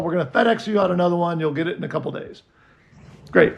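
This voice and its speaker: A man's voice: on the high side, fast talker, vocal fry, muffled recording. A man co-hosting a casual chat, telling a story and acting out both sides of his phone calls. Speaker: podcast co-host.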